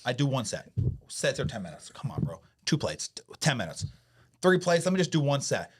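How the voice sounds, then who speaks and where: Young male coach, rapid-fire and lively, swears freely through casual stories. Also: mid-range voice, a little hiss or hum. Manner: animated, profane storytelling. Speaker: podcast co-host and physique coach. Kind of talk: casual podcast chat.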